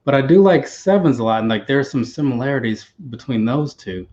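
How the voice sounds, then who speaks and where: An easygoing man hosting a casual livestream, talking in loose, hesitant bits. His voice sits at a middle pitch. The audio is dull and lo-fi. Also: animated, brisk, a little mellow. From United States. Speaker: livestream host. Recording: dull lo-fi sound.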